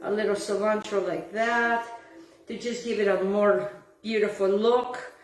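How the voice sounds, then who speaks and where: Speaking a little slowly with a medium pitch and fairly even intonation, a woman runs a home cooking demonstration in her kitchen. She gushes effusively and sometimes sings her words, recorded on a distant mic in an echoey space with faint background noise.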